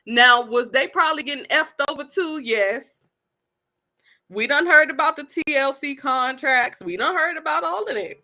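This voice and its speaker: A woman, giving animated, sassy commentary straight to her viewers. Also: sits high, moderate pace. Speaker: online commentator.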